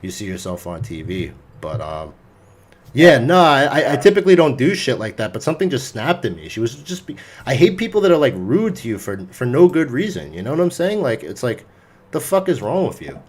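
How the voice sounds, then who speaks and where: A young man hosts a casual podcast, telling a story with plenty of swearing and animated energy. His voice sits at an ordinary middle pitch for a man. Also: fairly quick, breathy edge. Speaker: podcast host.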